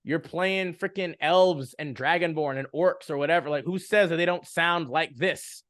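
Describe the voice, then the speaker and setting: A young man with a fairly high voice talks in a loose, rambling way, looping through fillers and false starts. The sound is close and dry, with no room in it. He co-hosts a casual chat about running games. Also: moderate pace, fairly bright tone, no echo. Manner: rambling, many fillers and restarts. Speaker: podcast co-host.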